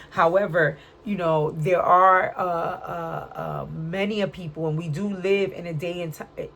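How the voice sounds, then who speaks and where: Here the woman speaks fairly low with a slightly bright tone. She is a Brooklyn-raised tarot reader of Puerto Rican roots, giving a chatty, slang-heavy card reading and checking in again and again with "right?".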